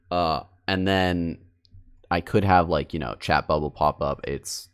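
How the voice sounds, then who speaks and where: A man's voice: low-pitched, a little slow, smooth. A young man streamer chatting casually with his viewers while editing a video, rambling and cutting himself off. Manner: rambling, self-interrupting, addressing chat.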